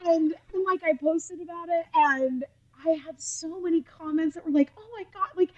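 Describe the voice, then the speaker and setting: A woman from Utah, a nurse, telling animated stories as a podcast guest, often laughing and acting out what people said. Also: very high voice, moderate pace, muffled recording. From Utah, USA. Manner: animated, laughing, acts out quoted speech. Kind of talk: casual interview storytelling.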